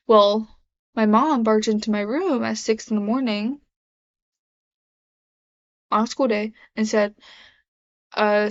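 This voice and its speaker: A young woman talking casually to camera in a confessional vlog, rambling with many fillers and restarts. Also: medium pitch. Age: young adult. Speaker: vlogger. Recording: dull lo-fi sound.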